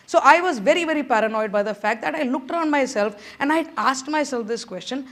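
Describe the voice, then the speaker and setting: Middle-aged woman, high voice, motivational conference talk, keeps coaxing the crowd. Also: fast talker, few pauses. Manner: animated, coaxing the audience with repeated urging. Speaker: conference speaker. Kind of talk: motivational speech. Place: conference room.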